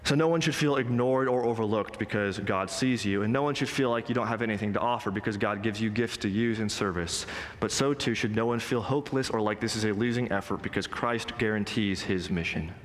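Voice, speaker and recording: A man preaching a sermon to a congregation, earnest and emphatic, slowing down to stress quoted lines. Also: on the low side. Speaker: pastor. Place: church sanctuary. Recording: long hall reverb.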